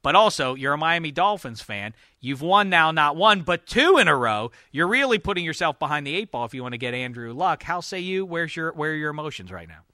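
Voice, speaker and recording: A man hosting a casual sports podcast, animated and jokey, with frequent "uh" fillers. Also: on the high side, fairly quick, hardly any pauses, no room sound, studio quality. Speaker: podcast host.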